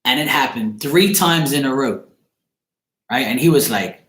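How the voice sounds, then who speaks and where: A man's voice: mid-range voice, unhurried, a bit bright. A man, a psychic card reader, casually telling a story in his apartment in a loose, profane, rambling way. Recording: echoey room.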